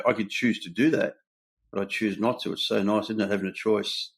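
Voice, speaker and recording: A man's voice: fairly low pitch, steady tone, fairly quick, creaky, breathy edge. An older man with an Australian accent, hosting a candid talk and telling his own story in an earnest, blunt way. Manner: earnest, blunt, tells stories with quoted dialogue. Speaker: host sharing his own recovery story. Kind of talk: candid conversation.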